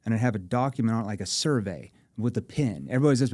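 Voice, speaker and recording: A man, a sales trainer as guest, explaining sales techniques in an animated, demonstrative way, acting out different tones of voice. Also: mid-range voice, rapid-fire, no echo, studio quality. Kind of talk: animated instructional chat.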